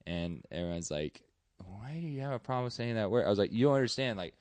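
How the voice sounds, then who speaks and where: A man's voice: on the low side, animated, quick pace, a little mellow, dry recording. A man with a Texan accent, a stand-up comedian guest chatting on a podcast in a loose, rambling, profane way with lots of fillers. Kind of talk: casual podcast chat.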